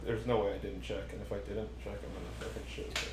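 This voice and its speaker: A man's voice: fairly low pitch, little pitch movement, fast talker, background noise. A young man hosting a podcast, telling rambling stories full of swearing and acted-out quotes. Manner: rambling storyteller, swears a lot, acts out quotes. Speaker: podcast host. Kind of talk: casual chat. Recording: roomy echo.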